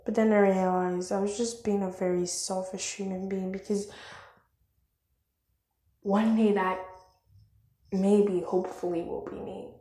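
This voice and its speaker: A woman's voice: medium pitch, flat delivery, unhurried, long pauses, warm tone, breathy edge, dry recording. A young woman hosting a casual solo podcast, rambling and self-deprecating, recorded on a phone with wired headphones. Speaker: podcast host. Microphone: phone voice recorder app with wired headphones.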